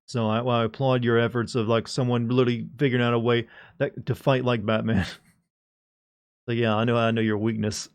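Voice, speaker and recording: A man's voice: mid-range voice, flat delivery, fairly quick, clear, resonant tone. Rambling joking male streamer. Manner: joking, rambling, talks to chat. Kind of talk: casual live-stream chat.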